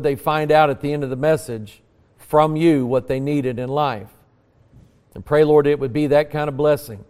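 A man preaching a sermon to a congregation, building to emphatic peaks and dropping to quiet, earnest prayer. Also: on the high side, smooth, big-room sound. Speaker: pastor. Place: church sanctuary.

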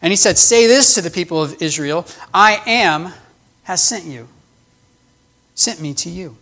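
High-voiced earnest male preacher. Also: expressive, measured pace, pushed and bright. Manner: earnest, explanatory, with emphatic restarts. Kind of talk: sermon teaching.

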